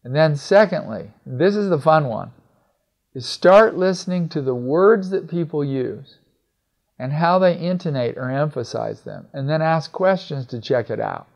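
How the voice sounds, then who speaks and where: This is a communication-skills lesson from a middle-aged man who keeps things conversational and regularly plays out bits of dialogue. His voice sits a little high, gravelly and mildly mellow, with lively intonation and a measured pace, captured in a slightly dull, lo-fi recording.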